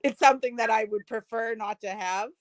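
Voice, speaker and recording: A woman's voice: a little high, a little fast, no room sound. A woman chatting casually as a guest, teasing and laughing easily. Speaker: guest on a chat stream. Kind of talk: casual chat.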